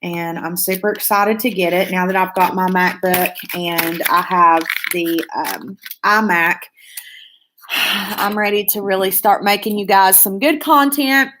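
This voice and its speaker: A woman's voice: mid-range voice, fairly bright tone, a little hiss or hum. A woman hosting a casual beauty live stream, reading viewer comments aloud in a gushing, chatty way with lots of fillers.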